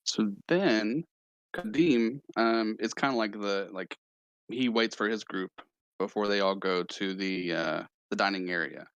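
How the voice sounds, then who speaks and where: A man's voice: on the low side, a little slow, fairly bright tone, smooth, dry recording. A man narrating as game master of a tabletop game in a loose, rambling way with many fillers.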